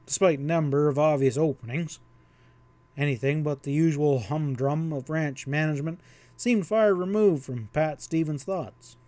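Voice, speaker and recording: A man reading a western novel aloud as an audiobook narrator, in a steady storytelling manner. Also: a little high, no echo.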